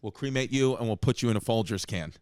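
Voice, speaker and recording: New man, comedy podcast host, quick storytelling, dry close mic. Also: mid-range voice, a little mellow, clear, resonant tone, dry recording. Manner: rapid storytelling with restarts and acted quotes. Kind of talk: casual comedic chat.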